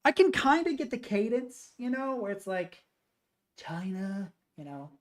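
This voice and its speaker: A woman streamer chatting casually to her viewers, swearing and excitable, muttering between outbursts. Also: on the high side, moderate pace. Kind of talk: casual live-stream chat.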